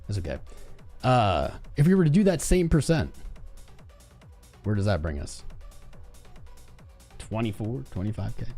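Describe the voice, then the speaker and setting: A man hosts a live crypto trading stream, thinking aloud and reading viewers' price guesses from chat. His mellow voice moves up and down with a lot of animation. Faint music plays underneath. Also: medium pitch. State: chapped cuticles from cold weather. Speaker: livestream trading host.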